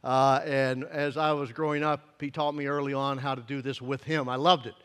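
A man's voice: medium pitch, flat delivery, normal speed, a bit bright, clear, resonant tone. A man in his fifties preaching a sermon, telling a folksy story in an earnest way with many hesitations. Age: 50s. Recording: long echoing hall reverb.

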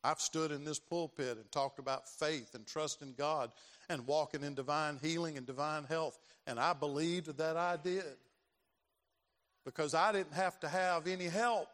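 A man, preaching a sermon and telling a personal story, acting out voices and building to loud emphasis. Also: on the high side, fairly even intonation, moderate pace. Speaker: pastor. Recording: long hall reverb.

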